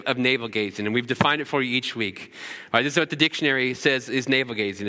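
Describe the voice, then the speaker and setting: A man's voice: mid-range voice, pushed and bright. A middle-aged man preaching a sermon as pastor, casual and conversational, with frequent fillers and restarts. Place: church sanctuary. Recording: long hall reverb.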